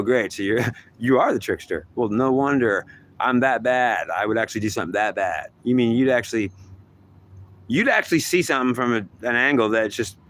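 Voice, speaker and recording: A man's voice: medium pitch, a bit bright, slight background noise. Man rambling, arguing with himself. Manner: argues with himself, swearing and repeating. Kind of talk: rambling self-dialogue.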